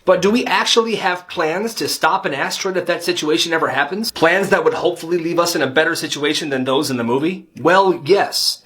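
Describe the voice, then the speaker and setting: A man's voice: on the high side, fairly bright tone. A man narrating short viral video clips in a casual storytelling way.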